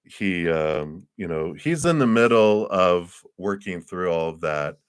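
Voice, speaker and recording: A man's voice: deep voice, expressive, measured pace, clean tone, no echo, clean studio sound. A man giving a casual live tarot reading, chatty, laughing often and acting out the people he describes. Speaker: tarot reader.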